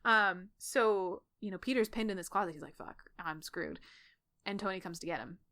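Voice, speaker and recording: A woman co-hosting a podcast, casually recapping a story with lively quoted dialogue and frequent laughter. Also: mid-range voice. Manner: animated retelling with quick voiced quotes and laughs. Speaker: podcast co-host. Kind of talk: casual fanfic recap chat.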